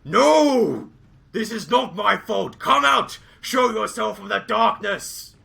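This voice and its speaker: Man voicing a gruff ogre warrior, solemn booming declarations, gravelly, bright. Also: lively intonation, slow pace, exaggerated voice. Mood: indignant. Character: gruff male ogre warrior, zealous heretic hunter.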